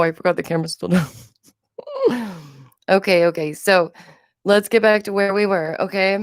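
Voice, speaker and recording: Chatty woman with a lowish voice. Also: smooth, dry recording, clean studio sound. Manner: rambling, chatty, laughs often. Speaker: livestream host. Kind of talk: casual livestream commentary. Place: at home.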